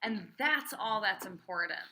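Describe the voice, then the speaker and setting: A woman cantor teaching a small class how to chant Torah trope, chatty and encouraging, often checking with "right?" and singing phrases slowly. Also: mid-range voice, expressive, pushed and bright. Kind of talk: informal small-group class.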